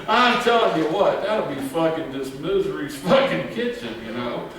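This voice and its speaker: A man's voice: a little high, expressive, moderate pace, few pauses, a bit bright. A man doing a crude, rambling stand-up monologue, swearing a lot and laughing at his own jokes. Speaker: stand-up comedian. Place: live comedy venue. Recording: echoey live room from far off. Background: crowd.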